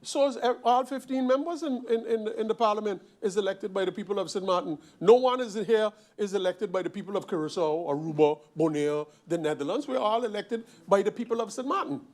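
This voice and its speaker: A man from Sint Maarten delivers a parliamentary speech in a high-pitched voice. He hammers his points home, repeating phrases and firing off rhetorical questions in the chamber. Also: brisk. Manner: emphatic, repetitive, forceful rhetorical questions. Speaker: member of parliament.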